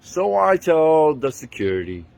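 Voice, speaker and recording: A man's voice: on the high side, very animated, measured pace, vocal fry, a little mellow, a little hiss or hum. A man angrily retelling a bad experience in a profane, indignant rant, talking into a handheld phone he keeps switching between hands. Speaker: vlogger. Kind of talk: angry storytime rant.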